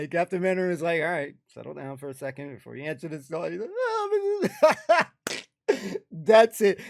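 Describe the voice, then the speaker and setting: A man's voice: sits high, no echo, clean studio sound. An American man hosting a reaction video, talking enthusiastically and rambling in casual commentary. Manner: enthusiastic, rambling, keeps saying "ladies and gentlemen".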